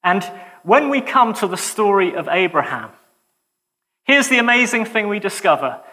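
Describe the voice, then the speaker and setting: A man preaching a sermon in a lively, conversational way, with joking asides to the congregation. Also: high-pitched, moderate pace, long reverb tail.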